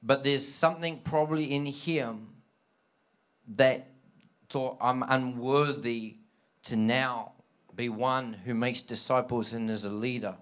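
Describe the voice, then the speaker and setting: A male preacher delivers a sermon in a voice of ordinary pitch. He is animated, slipping into the voices of scripture figures as he tells their stories. He keeps checking in with the congregation, urging them on with call-and-response. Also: takes it slowly, clean tone. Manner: acts out quoted dialogue in scripture.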